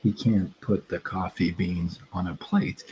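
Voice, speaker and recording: A man hosting a casual livestream, telling a story in a rambling, halting way and breaking off to greet his chat. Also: low-pitched, steady tone, warm tone, slight background noise, low-quality recording. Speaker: livestream host.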